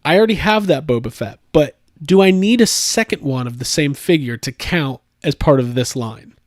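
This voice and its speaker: A man hosting a casual chat, rambling with lots of fillers and animated jumps in tone. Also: a little high, normal speed, dry recording, studio quality. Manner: rambling, animated, laughs often. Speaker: podcast host.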